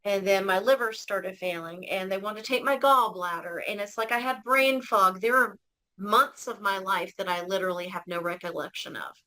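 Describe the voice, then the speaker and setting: A woman's voice: mid-range voice, moderate pace, pushed and bright, low-quality recording. A woman telling her personal story as an interview guest, earnest and emotional, often restarting her sentences.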